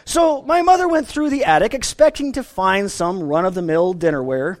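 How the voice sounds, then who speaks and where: Lively high-voiced male pastor preaching. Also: normal speed, few pauses. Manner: earnest preaching, rising and falling emphasis. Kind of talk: sermon.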